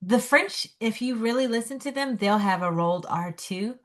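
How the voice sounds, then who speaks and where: A woman co-hosting a podcast in casual chat, animated and playful, fond of mock accents. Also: a little high, moderate pace. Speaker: podcast co-host.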